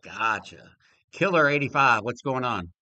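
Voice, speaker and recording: A man's voice: medium pitch, expressive, unhurried, pushed and bright, dry recording, dull audio. An older man hosting a casual live-stream talk show, easygoing and chuckling, loose with fillers. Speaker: podcast host taking callers.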